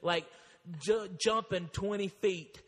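Man, high voice, profane, rambling stories, reverberant room. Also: slow. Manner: profane, loud, rambling, keeps saying all right. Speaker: podcast host. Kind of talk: comic storytelling.

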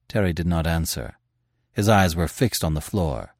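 Deep-voiced male storyteller. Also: expressive, moderate pace, darkish tone, no echo, clean studio sound. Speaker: narrator. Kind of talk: audiobook narration.

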